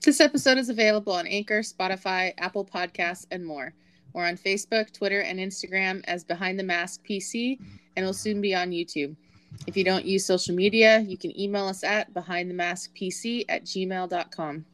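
A woman co-hosting a podcast who chats with small hesitations and then reads the show's sign-off smoothly and steadily. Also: medium pitch, moderate pace. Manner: hesitant with fillers in chat, smooth and steady when reading the sign-off. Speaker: podcast co-host. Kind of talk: casual chat, then a read-out outro.

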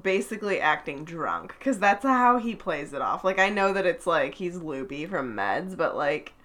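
A young woman co-hosts a relaxed podcast, chatty and prone to wandering off into asides. Her pitch swoops around a lot, and her voice is bright. She sits a little low in pitch for a woman. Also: moderate pace. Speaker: podcast co-host. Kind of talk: casual chat.

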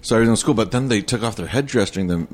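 A man who is a comedian guest, telling a story in an animated way during a casual chat. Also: lowish voice, very fast.

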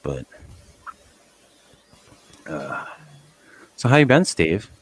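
A man's voice: low voice, sing-song, very slow, husky. A middle-aged man co-hosting a podcast in casual chat, swearing freely, rambling and laughing often. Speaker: podcast co-host.

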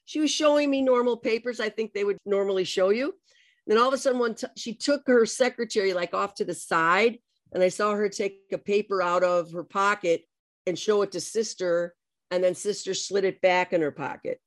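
A middle-aged woman telling her own story in conversation, lively and animated, acting out the quotes. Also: medium pitch, a little fast, no echo.

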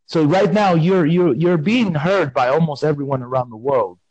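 A man's voice: on the high side, normal speed, darkish tone, no room sound, muffled recording. A man hosting a podcast in a casual, playful, rambling way, talking with mock seriousness. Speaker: podcast host.

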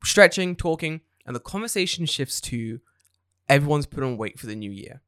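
Animated, swearing young podcast host. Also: male voice, fairly high pitch, normal speed, smooth, dry recording, studio quality. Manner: animated, swearing storyteller who acts out quotes. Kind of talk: casual chat.

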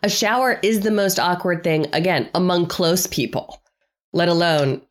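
A woman guest on a podcast, recapping a reality show in casual, animated, sarcastic talk and acting out quotes. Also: fairly low pitch, normal speed.

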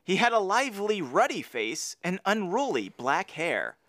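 A man co-hosting a casual podcast, reading a story aloud and bantering with excitable, teasing energy. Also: high voice, unhurried, no echo, clean studio sound. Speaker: podcast co-host.

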